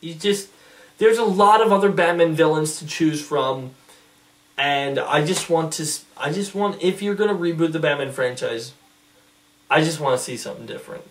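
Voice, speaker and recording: A man's voice: on the high side, normal speed, distant mic. A man vlogging casual commentary, rambling and restarting his sentences often.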